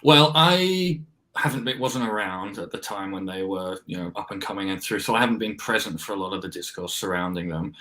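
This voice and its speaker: A man, co-hosting in a stoic, measured way. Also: low-pitched, bright, forceful tone. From Australia. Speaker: co-host.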